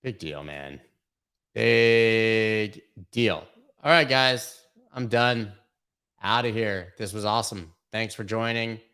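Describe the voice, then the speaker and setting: Young male stream host, deep gravelly voice, casual and jokey, reacts to chat. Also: takes it slowly, bright, forceful tone. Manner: loose and joking, reads out viewer questions and riffs on them. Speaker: host of a live crypto charting stream.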